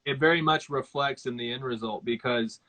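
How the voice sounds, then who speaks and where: An easygoing male host in a casual live chat. His voice is bright and forward, and he rambles a little, filling gaps with "you know" and "um". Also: mid-range voice, brisk, poor audio.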